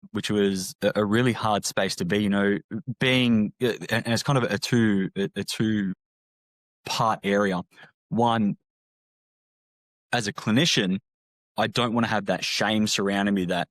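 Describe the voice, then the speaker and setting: Low-voiced aussie guy opening up in an interview, stops and restarts a lot, dry close sound. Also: dry recording. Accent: Australian. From Australia. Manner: halting, reflective, frequent restarts. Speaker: guest, former army medic. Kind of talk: candid interview talk.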